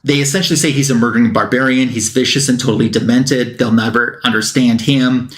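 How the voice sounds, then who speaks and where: A man's voice: medium pitch, steady tone, fairly quick, reverberant. A man on a comic book talk show retelling a plot in a casual, rambling way, with fillers and quotes that he acts out.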